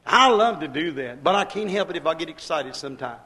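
A man preaching a sermon as pastor, swinging from quiet asides to shouted exclamations in a repetitive, emphatic cadence. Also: fairly high pitch, expressive, fairly quick, rough recording. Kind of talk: Pentecostal-style sermon.

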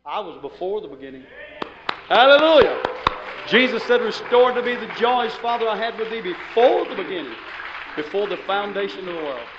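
A man preaching a fervent sermon that swings between hushed talk and shouted exclamations. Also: high voice, animated, fairly quick, crowd noise, noisy background. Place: church hall. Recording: muffled echoey church recording with music.

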